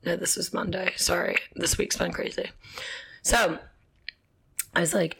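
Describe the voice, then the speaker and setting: Young woman vlogger, low flat voice with vocal fry, chatty and laughing through her story. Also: measured pace, long pauses. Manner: chatty, frequent fillers and laughs, swears casually. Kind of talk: casual storytelling.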